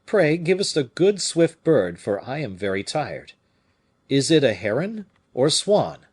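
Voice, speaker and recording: Brief: male reader playing a proud, tired musketeer in a storybook, husky, pitched up and animated. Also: unhurried, exaggerated voice. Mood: curious. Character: proud weary musketeer, middle-aged man.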